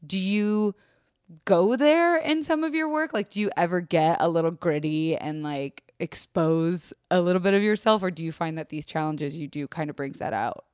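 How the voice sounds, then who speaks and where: A woman's voice: lowish voice, moderate pace, darkish tone, clean tone, no echo. A woman hosting a podcast, bawdy and joking, asking long rambling questions close to the microphone. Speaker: podcast host. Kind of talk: casual podcast interview.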